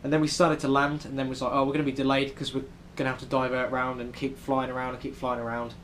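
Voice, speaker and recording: Talking quickly in a completely flat, slightly bright medium-pitched voice, this young British vlogger rambles through a casual travel video, filling it with ums. He's in a New York City hotel room, and a little background noise can be heard.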